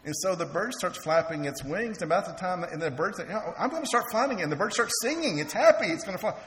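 A man's voice: high-pitched, expressive, fast talker, fairly bright tone, slight background noise. Earnest male preacher in an echoey hall. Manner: earnest, repeats words as he restarts. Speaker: preacher and teacher. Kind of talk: sermon. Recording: echoey hall with faint ambience.

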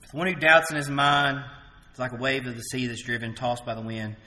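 A man preaching an evening sermon, rising loud for emphasis and dropping soft to voice quoted words. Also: medium pitch, level tone, a little fast, big-room sound.

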